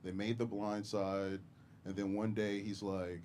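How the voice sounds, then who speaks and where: A man's voice: on the low side, measured pace, a little hiss or hum. Crude young male stand-up comic. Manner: crude, deadpan delivery broken by chuckles. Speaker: stand-up comedian. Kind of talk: stand-up comedy set. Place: comedy club stage.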